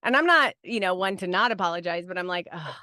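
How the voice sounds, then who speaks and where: This woman's voice sits on the low side, sharp in tone, expressive and quick. Appearing as a podcast guest, she rambles through casual, reflective interview talk, restarting often and leaning on "like" and "right?", captured in a dry studio recording.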